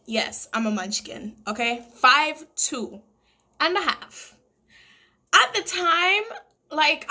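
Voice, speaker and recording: Bright, high-voiced woman telling a story. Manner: animated, dramatic retelling with laughs. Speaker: vlogger. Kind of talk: casual storytime.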